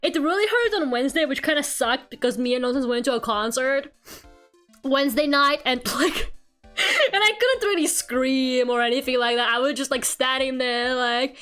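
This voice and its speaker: High-voiced giggly young woman streamer. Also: normal speed, fairly bright tone, soft background music. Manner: chatty, giggly, swears casually. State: sore throat from a cold. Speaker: VTuber streamer. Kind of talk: casual live-stream chat while drawing.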